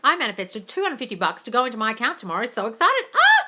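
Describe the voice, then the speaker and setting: Outspoken woman hosting a phone live Q&A; bright, slightly high voice, calls everyone darling. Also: racing. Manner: blunt, swears freely, calls viewers darling; animated, squeals and laughs at comments. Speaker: livestream host answering viewer questions. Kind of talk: casual live Q&A. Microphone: phone livestream.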